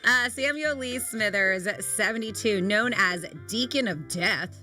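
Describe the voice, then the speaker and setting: A woman's voice: mid-range voice, measured pace, sharp tone, faint music behind. A married woman co-hosting a radio show, chatting casually and reading odd news stories with offhand asides and laughs. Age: adult, married. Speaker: radio co-host. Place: radio studio.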